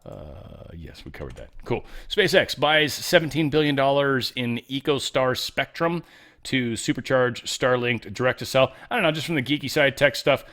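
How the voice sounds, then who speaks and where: A man's voice: medium pitch, lively intonation, normal speed, a bit bright. Man, middle-aged, casual sarcastic commentary, rambling offhand delivery. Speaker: show host.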